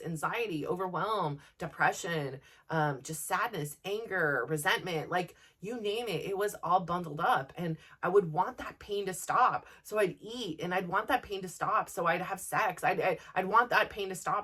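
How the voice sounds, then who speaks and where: A woman in her forties speaks openly on her podcast, chatty and lively, tumbling through fillers and acting out her own inner voice. Her pitch sits squarely in the middle. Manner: candid and animated, with many fillers and self-quotes. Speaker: podcast host. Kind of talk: personal reflective talk.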